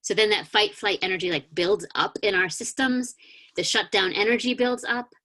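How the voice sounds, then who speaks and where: Over a video call mic, a woman minister gives a sermon, gently guiding a grounding meditation with calm, inviting words and a few soft hesitations. Her voice is medium-pitched at a moderate pace.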